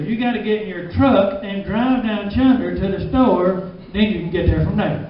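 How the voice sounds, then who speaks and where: A man's voice: high-pitched, normal speed, a little hiss or hum. A man with a Southern US drawl doing a stand-up comedy set in a small club, laughing at his own jokes. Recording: distant, dull, echoey club recording.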